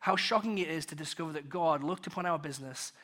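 A British man delivers a sermon in a notably high voice. His tone is bright and ringing, and he moves between loud, rising questions and quiet, hushed answers. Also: fast talker. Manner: rhetorical questions, builds and drops in volume. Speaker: pastor.

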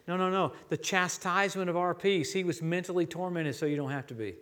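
A man's voice: high voice, fairly quick, a bit bright. A middle-aged man from Louisiana, a traveling preacher giving a sermon in a church, telling stories with quoted dialogue.

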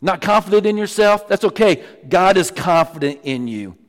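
A man preaching a sermon as pastor, emphatic, often dropping to low, quiet lines for stress. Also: lively intonation, normal speed. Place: church sanctuary. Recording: long church reverb.

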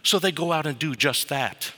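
A man preaching a sermon, telling a story in a lively way. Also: on the high side, normal speed. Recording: reverberant hall.

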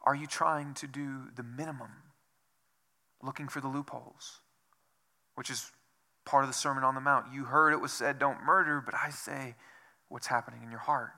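A man's voice: medium pitch, fairly even intonation, normal speed, long pauses, pushed and bright. A man preaching a sermon as pastor, asking rhetorical questions over and over and dropping to a whisper for emphasis. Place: church.

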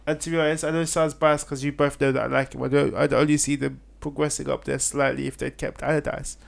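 Gravelly man chatting about football. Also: fairly high pitch, little pitch movement, fast. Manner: hesitant, many fillers and restarts. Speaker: podcast co-host. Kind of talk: casual football chat.

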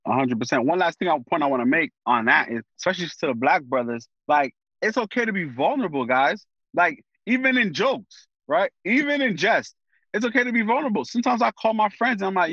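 A man speaking as a guest in a casual conversation, animated and full of slang, often thinking aloud with fillers. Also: sits high, a little fast, dry recording, muffled recording.

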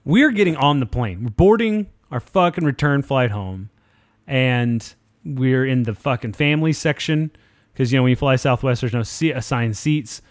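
A man in his thirties co-hosting a casual podcast, telling stories in a profane, animated way. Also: medium pitch, moderate pace, dry recording. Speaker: podcast co-host. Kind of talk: casual chat, storytelling.

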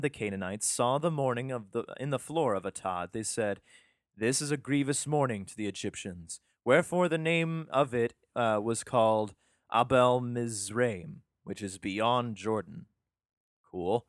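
A man's voice: medium pitch, no echo, studio quality. A man reading scripture aloud and breaking off into irreverent, profane commentary in a casual, offhand way. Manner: irreverent, profane asides, sarcastic; yawning, drowsy.

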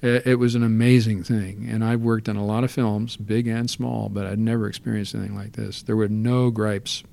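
A man recalling past film work in relaxed, rambling storytelling, full of fillers and restarts. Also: fairly low pitch, moderate pace, gravelly, hardly any pauses. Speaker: interview guest.

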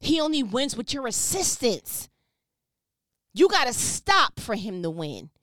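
This woman's voice is fairly high and fairly bright, swinging widely in pitch while moving a little slowly. She preaches motivationally over a phone with fervent, emphatic energy, using slang and repeated questions, in a studio-quality recording with no echo.

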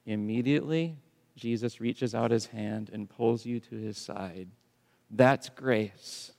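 A man's voice: medium pitch, takes it slowly, vocal fry. Dynamic preaching man in a reverberant hall. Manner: dynamic preaching, swinging from hushed to loud emphatic. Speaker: pastor. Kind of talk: sermon.

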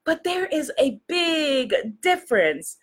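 A woman hosting a live online women's circle, praying slowly and reverently, then chatting warmly with viewers and greeting them by name. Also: big pitch swings. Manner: slow, reverent, low-voiced in prayer. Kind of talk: spoken prayer, then casual live-stream talk.

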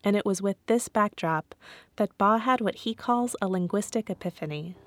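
A woman hosting a podcast, giving scripted narration in a clear, guiding tone. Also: medium pitch, normal speed, fairly bright tone. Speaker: podcast host.

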